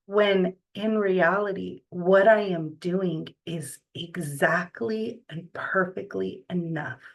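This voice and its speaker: A middle-aged woman giving a reflective motivational talk, earnest and deliberate, with pauses between phrases. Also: medium pitch, poor audio.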